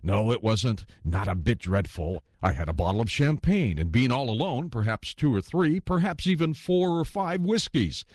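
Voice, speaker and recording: Man, audiobook narrator, ghost story, animated pitch, dry recording. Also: moderate pace, hardly any pauses, no room sound. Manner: expressive, storytelling.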